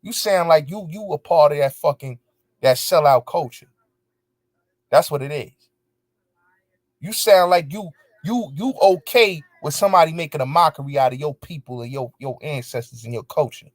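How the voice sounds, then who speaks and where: A man's voice: on the high side, no room sound. A man hosting his show, angrily ranting back at viewers in heavy profanity, repeating his points with emphasis. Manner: angry, profane, repetitive, emphatic. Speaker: show host. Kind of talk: heated commentary rant answering viewers.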